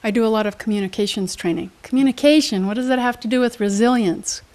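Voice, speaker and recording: This woman talks fast, her voice pitched on the high side with a somewhat dark tone. Appearing as a studio interview guest, the motivational speaker and trainer answers with teacherly emphasis and quizzes her listeners.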